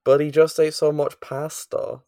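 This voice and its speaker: A man's voice: fairly high pitch, little pitch movement, measured pace, dark tone, no echo, clean studio sound. A man hosting a casual podcast, teasing his co-host in a playful, upbeat way. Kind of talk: casual chat.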